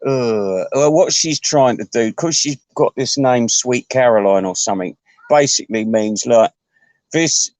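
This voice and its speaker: A man's voice: medium pitch, unhurried, a little mellow, no echo. A man delivering a crude, rambling comic rant, full of restarts and asides.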